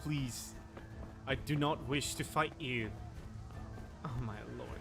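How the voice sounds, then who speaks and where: A man's voice: medium pitch, slow, over music. A young man giving casual, flustered commentary while playing a game, with frequent exclamations. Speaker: gameplay streamer.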